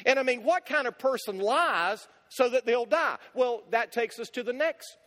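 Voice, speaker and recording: A man's voice: very high-pitched, normal speed, fairly bright tone. A male pastor preaching a sermon, emphatic, driving points home with rhetorical questions and repetition. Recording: long hall reverb.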